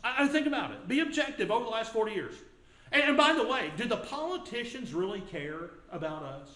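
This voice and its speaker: A middle-aged man preaches a sermon in an earnest, chatty way and often repeats himself. His voice sits a little high. The sound carries the echo of a church sanctuary. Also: lively intonation, brisk, sharp tone. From United States. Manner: earnest, conversational preaching with repetitions. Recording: echoey church room.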